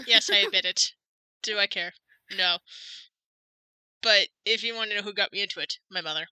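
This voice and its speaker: A woman's voice: mid-range voice, normal speed, clean tone, no echo, poor audio. A woman streamer hosting a playful, casual chat while voice-acting a courtroom game. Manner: playful, animated. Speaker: streamer, host.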